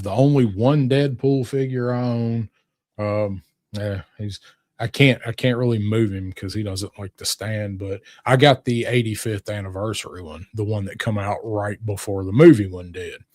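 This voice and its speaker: Male co-host, low voice, dry close sound, rambles through casual toy talk. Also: moderate pace, a little mellow, dry recording. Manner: rambling, many restarts and fillers.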